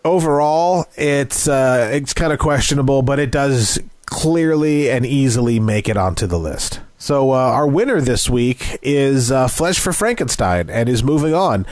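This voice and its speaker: Man, podcast co-host, sarcastic, dry, close-miked, mid pitch. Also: animated, a little slow, few pauses, a little mellow, no room sound. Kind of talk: casual film review chat.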